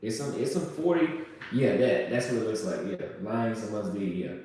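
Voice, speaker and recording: A man's voice: lowish voice, moderate pace, distant mic, a little hiss or hum. Man telling a story in an echoey room. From United States. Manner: animated, swearing, acts out shouted quotes. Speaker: guest telling a travel story. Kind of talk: casual storytelling.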